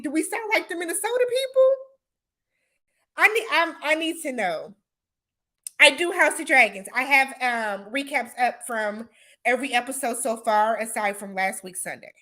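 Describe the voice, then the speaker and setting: Bright, chatty woman hosting a livestream. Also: sits high. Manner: chatty, answers viewer comments, laughs often; casual, uses y'all and imma. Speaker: livestream host. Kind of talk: casual livestream chat.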